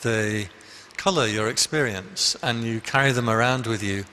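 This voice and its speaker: A man's voice: on the low side, moderate pace, pushed and bright, a little hiss or hum. A man, a Buddhist monk, giving a conversational dharma talk full of anecdotes in a meditation hall. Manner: conversational, anecdotal, with frequent restarts.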